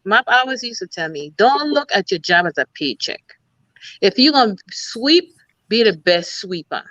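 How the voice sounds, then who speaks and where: A woman's voice: a little high, a bit bright, no echo, dull audio. A middle-aged woman from the Virgin Islands with a Virgin Islands accent, a military officer telling stories as a guest in a casual interview. She talks emphatically and leans on "you know" and "you understand.".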